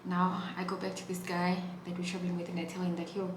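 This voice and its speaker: A young woman from Namibia telling a story on her vlog, dramatic, moving between hushed asides and loud exclaiming. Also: fairly low pitch, completely flat delivery, fast talker, slight background noise. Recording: echoey room with faint ambience.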